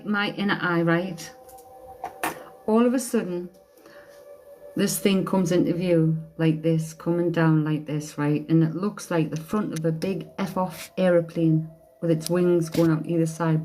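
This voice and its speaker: A woman's voice: on the low side, darkish tone, a little hiss or hum, low-quality recording. A woman giving a casual live-stream tarot reading as a psychic medium, chatty and blunt, swearing casually.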